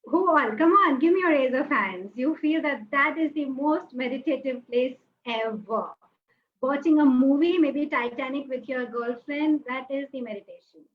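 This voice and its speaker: A woman giving a lively webinar talk, acting out quoted reactions and asking the audience to join in. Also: high-pitched, normal speed. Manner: animated, acts out quoted reactions, asks the audience. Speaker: webinar speaker. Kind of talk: lively motivational talk with acted asides. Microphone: webinar call mic. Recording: slightly dull audio with faint noise.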